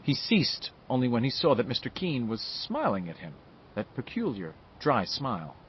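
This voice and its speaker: A male narrator reads a novel with a lively, expressive delivery, his pitch moving freely up and down. The recording is a little muffled, with a faint rumble underneath. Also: normal speed. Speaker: audiobook narrator. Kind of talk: scripted narration.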